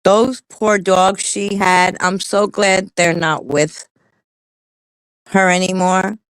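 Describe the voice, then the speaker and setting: A woman's voice: mid-range voice, steady tone, takes it slowly, clear, resonant tone, dry recording, rough recording. A woman co-hosting a livestream in casual chat, talking bluntly and heatedly with a lot of cursing. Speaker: livestream co-host.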